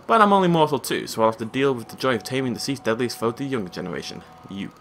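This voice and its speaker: A blustery old village chief from a video game, put on by a man, spinning his talk in a folksy, bragging way. The voice is bright and swoops widely in pitch. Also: animated, quick pace, soft background music. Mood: folksy, blustering. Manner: folksy, boastful storytelling.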